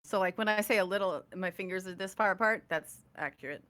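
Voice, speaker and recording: A woman playing a tabletop game, thinking out loud and laughing easily. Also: mid-range voice, fast talker. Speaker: player. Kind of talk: casual chat at a tabletop game.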